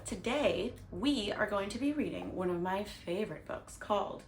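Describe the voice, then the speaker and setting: A woman hosting a children's read-aloud, talking warmly and directly to kids. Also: medium pitch, animated, normal speed, creaky, few pauses. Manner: friendly, addresses kids directly. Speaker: children's story reader.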